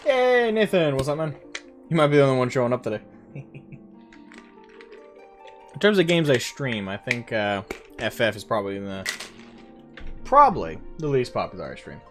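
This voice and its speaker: A man's voice: mid-range voice, expressive, moderate pace, pauses often, soft background music. A man streaming a game live, chatting casually and rambling to his viewers.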